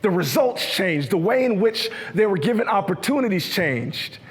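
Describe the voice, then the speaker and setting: Energetic high-voiced male keynote speaker. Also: normal speed. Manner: energetic, leads call-and-response with the audience. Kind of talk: motivational keynote speech. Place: large hall with a live audience. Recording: echoey hall.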